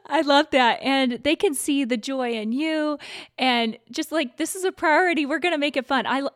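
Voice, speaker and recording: A woman hosts an interview and talks in an enthusiastic, gushing way. Her voice sits a little high, and the recording is dry and close. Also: no room sound. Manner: enthusiastic, gushing, quick to laugh. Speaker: interview host. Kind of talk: casual interview chat.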